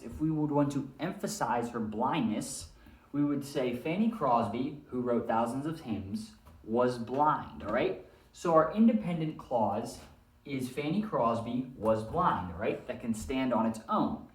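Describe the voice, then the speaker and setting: Guy teaching english class, walks through it step by step, keeps asking "all right?", mid pitch, roomy echo. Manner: explains step by step, often checks in with "all right?". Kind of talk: recorded language arts lesson. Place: room with a whiteboard. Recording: echoey room.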